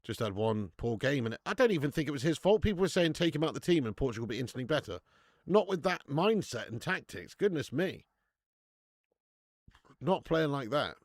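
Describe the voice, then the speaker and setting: A young man hosting a live football watch-along, chatting casually, swearing freely and answering viewers' comments out loud. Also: a little high, a little fast, no room sound, studio quality. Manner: excitable, swears, reads chat comments aloud. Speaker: live-stream host.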